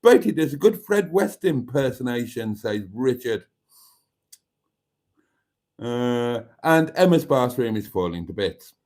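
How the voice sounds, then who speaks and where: A man's voice: medium pitch, sing-song, a little slow, pauses often, a little mellow. A man hosting a live stream, reading out viewer comments with wry, self-mocking asides. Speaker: channel host.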